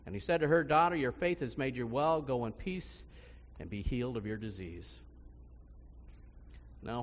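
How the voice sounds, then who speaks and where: Guy preaching a sermon, chatty style, jumps loud and soft, long echo like a big church. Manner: conversational preaching with big swings in pitch and loudness. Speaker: pastor. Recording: long hall reverb.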